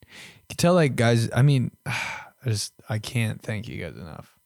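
A young podcast host, gravelly and mid-range, rants a little slowly in a casual, profane, animated way, leaning on mock voices and frequent swearing. The clean studio sound has no echo.

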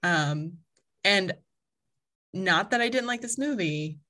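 A woman's voice: lowish voice, animated, slow pace, sharp tone. A woman co-hosting a podcast, chatting casually and rambling, with lots of fillers and frequent laughter. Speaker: podcast co-host. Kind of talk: casual chat.

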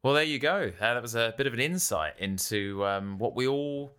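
A man's voice: mid-range voice, moderate pace, a bit bright, clear, resonant tone. A man co-hosting a podcast in casual chat, blunt and sarcastic. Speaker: podcast co-host.

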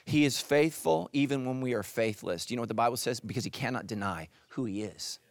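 A middle-aged male pastor preaching a sermon, animated, dropping into soft intense asides. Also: a little fast, dry recording. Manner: animated, voices quoted characters with jumps in pitch.

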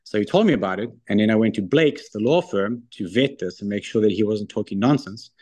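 Warm, slightly rough, and lowish, the animated voice belongs to a middle-aged wealth firm founder. As a guest in a relaxed interview, he shares stories with brisk confidence.

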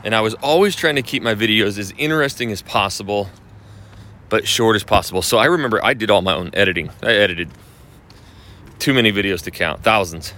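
A man's voice: fairly low pitch, animated, a little fast, sharp tone. Blunt, profane man ranting over noise. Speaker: video marketing coach for real estate agents. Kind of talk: casual monologue to camera.

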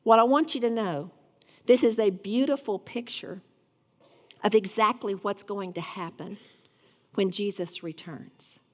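A woman's voice: mid-range voice, unhurried, big-room sound. A woman giving an earnest devotional Bible teaching, rising to fervent emphasis.

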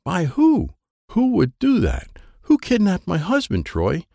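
A man's voice: high voice, huge pitch swings, unhurried, vocal fry, dark tone, no room sound, clean studio sound, voice pushed up, exaggerated voice. A man doing a frantic, questioning aunt. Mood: alarmed. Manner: anxious, questioning. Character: frantic middle-aged woman, the aunt. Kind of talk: audiobook character voice.

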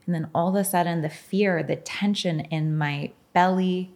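A woman's voice: lowish voice, fairly even intonation, moderate pace, a little mellow. A middle-aged woman being interviewed as a podcast guest, telling her story frankly and with animation, swearing and laughing often.

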